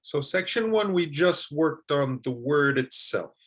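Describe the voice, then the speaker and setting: A man teaching English pronunciation, saying example words slowly and repeating them with care. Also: a little high, expressive, fairly bright tone. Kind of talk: slow, deliberate pronunciation lesson.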